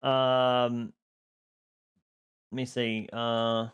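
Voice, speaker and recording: A live streamer on a boom mic, chatting casually with viewers, greeting them by name and laughing often. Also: flat delivery, extremely slow, clean tone, lo-fi sound.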